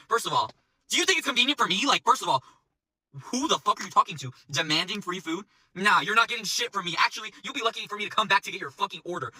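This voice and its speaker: A man's voice: high-pitched, sing-song, quick pace, sharp tone, husky, dry recording, poor audio. A man working as a restaurant server, telling a storytime in a profane, exasperated rant.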